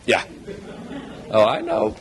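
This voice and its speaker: Emotional new coach with a low voice. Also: male voice, wildly swooping pitch, slow. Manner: emotional, heartfelt, thankful. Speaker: head basketball coach. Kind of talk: press conference speech.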